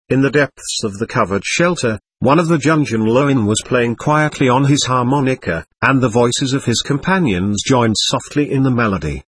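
A man narrating a war memoir as an audiobook reader, with quiet, measured delivery of the dialogue. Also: mid-range voice, slightly rough, dry recording. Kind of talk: scripted narration.

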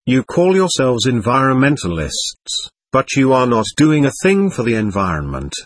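Earnest little male alien from a storybook, firing off pointed questions in a husky voice with a lively, rising and falling tone, as a man reads him. He speaks in a close, dry sound. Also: mid-range voice, normal speed, no room sound.

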